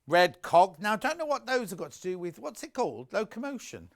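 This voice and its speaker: A man's voice: sits high, very animated, brisk. A man presenting a live home shopping broadcast, chatty and gushing, reading out viewer messages as he shows products.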